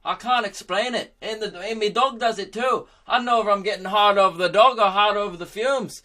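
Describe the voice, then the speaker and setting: A bewildered village man rambles in a thick, exaggerated comic brogue, as a man puts him on. The voice sits well above a normal speaking pitch and rings bright. He sounds crude and frank. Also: fairly quick. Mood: baffled.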